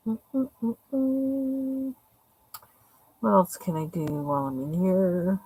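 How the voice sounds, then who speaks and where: Gravelly-voiced woman muttering while coloring. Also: lowish voice, normal speed, rough recording. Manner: quiet, muttering to herself. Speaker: live-stream artist. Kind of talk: casual self-talk while coloring.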